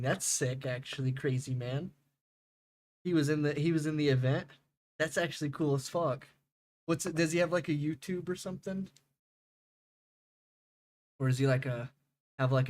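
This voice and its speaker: A man's voice: fairly high pitch, slight background noise. A young man streaming a game, chatting casually with viewers, rambling and laughing, swearing freely.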